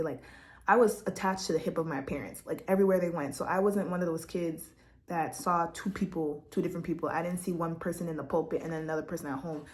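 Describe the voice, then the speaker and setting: A woman's voice: low voice, steady tone, fast talker, a little mellow. A young woman from Quebec, a vlogger sitting at home at her laptop, telling a personal testimony in a candid, heartfelt and chatty way. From Quebec, Canada.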